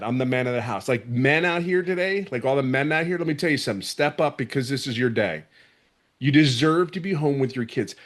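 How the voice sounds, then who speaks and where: A man in his fifties giving an emotional, fervent testimonial on a webinar from home, earnest and often restarting his sentences. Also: fairly high pitch. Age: 50s.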